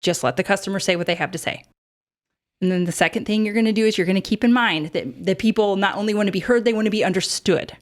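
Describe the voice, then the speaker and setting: A woman's voice: medium pitch, fast talker. A woman in her thirties hosting a casual advice podcast, chatty, with many fillers and frequent laughs. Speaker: podcast host.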